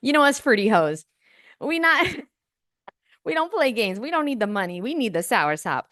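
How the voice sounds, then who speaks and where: A woman hosts a casual livestream on a close mic, her fairly bright, rather high voice sing-song at a moderate pace. She's brash and playful, swearing plenty and chatting straight to her viewers.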